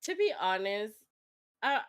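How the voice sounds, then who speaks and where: A woman's voice: medium pitch, sing-song, a little slow. A woman streamer chatting casually with a guest, laughing often and restarting her sentences.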